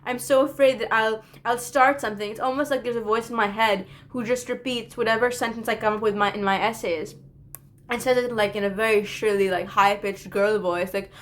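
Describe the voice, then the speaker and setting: A woman's voice: fairly high pitch, steady tone, brisk, a bit bright. Earnest young woman in a confessional vlog. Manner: earnest, reflective, self-deprecating. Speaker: college student vlogger.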